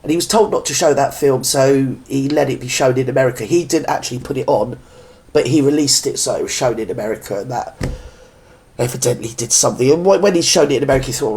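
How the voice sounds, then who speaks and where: A man's voice: mid-range voice, fast, a little mellow. Blunt ranting man. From Britain. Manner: earthy working-class slang. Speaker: reaction video host. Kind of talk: opinionated reaction rant.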